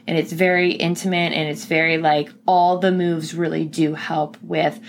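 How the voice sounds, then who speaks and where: A woman's voice: deep voice, flat delivery, normal speed, slight background noise. A young woman, pregnant, talking casually and earnestly as a podcast host, with lots of filler words. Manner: chatty, earnest, many fillers. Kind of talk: casual personal talk.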